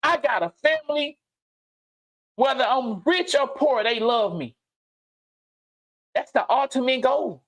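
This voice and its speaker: A man hosting a livestream and giving an unscripted motivational monologue, blunt and profane, repeating phrases and swinging from low murmurs to loud outbursts. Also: lively intonation, unhurried, pauses often. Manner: blunt, preachy, profane street slang. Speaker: livestream host. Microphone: streaming mic.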